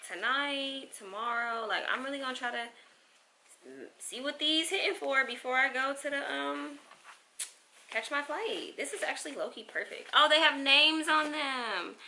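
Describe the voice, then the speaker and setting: A young woman vlogger chatting excitedly to her viewers while she unboxes packages at home. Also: high-pitched, normal speed, slight background noise. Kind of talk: casual unboxing vlog.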